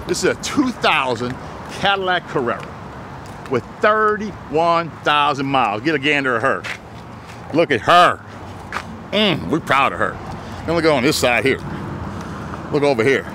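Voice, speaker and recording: A man, a used car dealer giving a joking, folksy sales pitch while walking around his lot outdoors. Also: lively intonation, brisk, noisy background.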